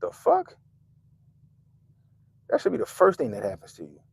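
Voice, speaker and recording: Gravelly, profane man ranting. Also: fairly low pitch, rapid-fire. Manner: animated, profane, mocking, with sudden loud jumps and muttered asides. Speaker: commentary channel host. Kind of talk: profane political commentary rant.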